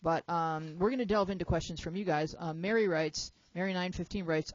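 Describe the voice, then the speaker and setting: A woman's voice: lowish voice, fairly quick, few pauses, no echo, dull audio. A woman hosting a talk show in a chatty, playful way, jet lagged and joking with her young panel. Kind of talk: casual chat.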